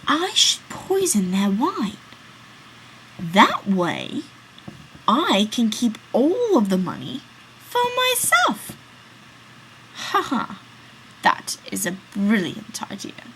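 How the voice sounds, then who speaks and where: A woman's voice: on the high side, wildly swooping pitch, slow pace, long pauses, a bit bright, slight background noise, full character voice, poor audio. A woman voicing a scheming, greedy young man in a story, speaking in a raised voice.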